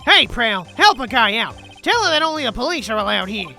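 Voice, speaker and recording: A man's voice: very high voice, big pitch swings, fairly quick, gravelly, bright, forceful tone, soft background music, voice pushed up, full character voice. A man voicing a clumsy male police detective who blusters and turns sheepish. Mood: blustering.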